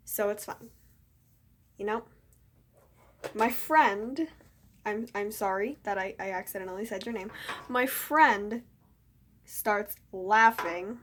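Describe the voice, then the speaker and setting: A teenage girl who vlogs as a student casually tells a story about school, rambling and poking fun at herself with plenty of "like" and "you know." Her voice is medium-pitched, with slight background noise.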